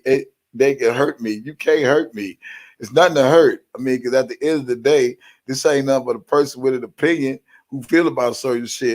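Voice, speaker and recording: A man hosts a live stream, speaking bluntly and directly to his viewers in a heavily profane rant. His voice is mid-range with a darkish tone.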